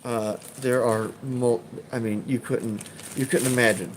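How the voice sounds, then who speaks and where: A man's voice: mid-range voice, fairly even intonation, unhurried, slight background noise. A man with a Chicago accent, chatting casually on a live stream and reading comments in a rambling, profane way with frequent laughs. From Chicago, USA.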